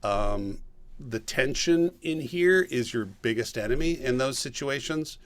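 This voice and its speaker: A man, a guest voice actor and voice director, answering a question on a video call in a relaxed storytelling way, pausing with ums and clearing his throat. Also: medium pitch.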